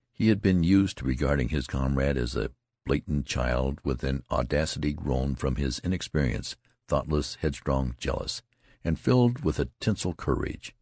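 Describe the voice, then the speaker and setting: A man with an extremely deep, gravelly voice reads a novel aloud at a measured, deliberate pace. His tone is husky, and the recording is close and dry with no room sound. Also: darkish tone, dry recording. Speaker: audiobook reader. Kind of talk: scripted narration.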